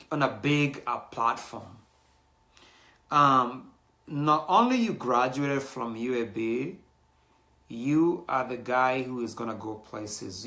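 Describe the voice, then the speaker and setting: Bright-voiced man hosting a show. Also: medium pitch. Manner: animated, mixes in Swahili slang, many fillers. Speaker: show host. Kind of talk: casual talk to the audience.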